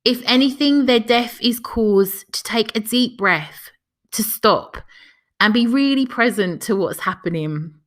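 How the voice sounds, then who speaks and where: A woman hosting a podcast, reading a passage aloud and chatting softly, emotional and close to tears. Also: a little high, animated, a little slow. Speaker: podcast host.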